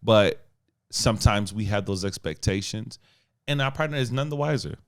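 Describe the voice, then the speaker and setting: A man co-hosting a podcast banters and jokes with his partner in a casual couple chat. His voice is on the low side, at a moderate pace.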